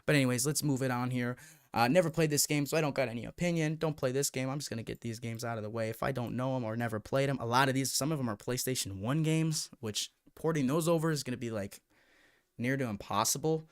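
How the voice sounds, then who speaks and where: Young man from the US, fast rambling live-stream talk, smooth clear voice, slightly high. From United States. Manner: excitable, rambling, talks to chat. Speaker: YouTube VR streamer. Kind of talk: casual live-stream chat.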